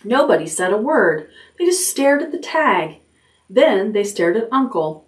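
A woman, a children's librarian, reading a chapter book aloud at bedtime in a gentle, expressive way. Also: medium pitch, unhurried, far from the mic.

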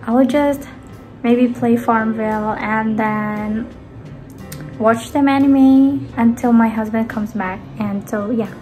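Slow-talking chatty young woman vlogger. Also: a little high. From Philippines. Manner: rambling and chatty, trailing off softly. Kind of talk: casual chatty vlog. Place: indoors at home.

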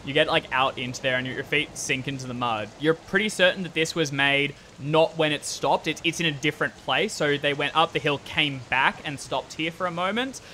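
Bright-voiced man narrating a game. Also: on the high side, brisk, few pauses, a little hiss or hum. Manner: loose, rambling narration with fillers. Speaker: game master. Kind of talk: narrating a tabletop horror game.

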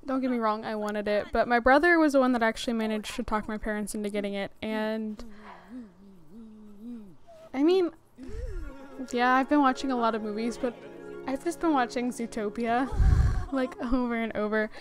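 A woman's voice: fairly high pitch, normal speed, pauses often, faint music behind. A young woman hosting a gaming channel, giving casual, rambling commentary and often laughing as she talks.

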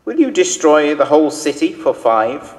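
A man's voice: a little high, sing-song, moderate pace, a little mellow. A man reading as a humble pleading patriarch. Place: church. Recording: reverberant church hall.

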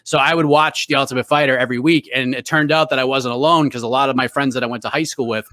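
A man's voice: mid-range voice, steady tone, fast, bright, forceful tone, dry recording, studio quality. A man with a Boston accent, a guest on a podcast, telling stories in a chatty way with lots of restarts and fillers. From New England, US. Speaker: guest, MMA reporter. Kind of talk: casual podcast interview.

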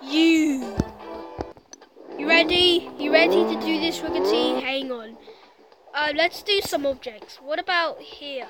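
A woman commenting on a physics game she is playing, excitable and teasing, trash-talking the crash dummy on screen. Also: sits high, slow pace, vocal fry. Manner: excitable, shouts and trash-talks the game character. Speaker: gameplay commentator. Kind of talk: excited let's-play commentary. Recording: loud game music behind.

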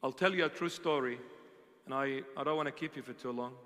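A man's voice: mid-range voice, brisk, fairly bright tone, long reverb tail. A man preaching as a bishop in a church, telling a story with intense emphasis and repeated phrases. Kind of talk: sermon storytelling.

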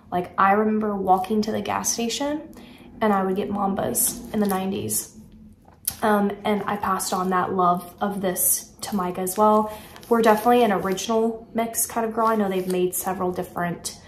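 A woman's voice: medium pitch, echoey room, a little hiss or hum. A woman chatting casually and enthusiastically while showing off a shopping haul, with lots of filler words. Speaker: haul vlogger. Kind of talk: casual product haul chat.

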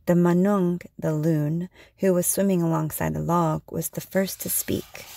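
Woman reading a story out loud, lowish gravelly voice, slow and measured. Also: steady tone, dry recording.

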